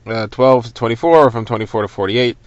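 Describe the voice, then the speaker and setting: Brief: man, mid-pitched, dry close mic, casual Talmud teacher explaining terms as he goes. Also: fast talker, dry recording, muffled recording. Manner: conversational retelling, glossing Hebrew terms in English. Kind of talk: daily Talmud lesson, explained for listeners driving.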